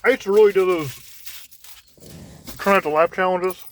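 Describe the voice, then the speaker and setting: Halting man with a higher voice. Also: slight background noise. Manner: halting, repeats words while searching for phrasing. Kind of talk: casual monologue.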